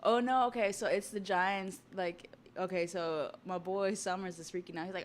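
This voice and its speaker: Chatty young woman streamer, lowish voice. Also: normal speed, few pauses, slight background noise. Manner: excitable, chatty, swears casually. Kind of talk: casual livestream reaction.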